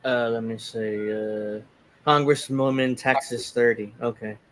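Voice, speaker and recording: A man's voice: mid-range voice, fairly even intonation, measured pace, a bit bright, slight background noise. Sarcastic man reading tweets aloud. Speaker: political commentary host. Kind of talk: casual political commentary.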